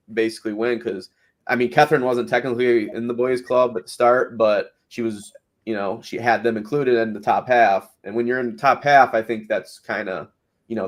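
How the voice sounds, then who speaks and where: Chatty man recapping a reality show. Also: medium pitch. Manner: chatty, laughs often, filler words. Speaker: podcast host. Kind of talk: casual recap chat.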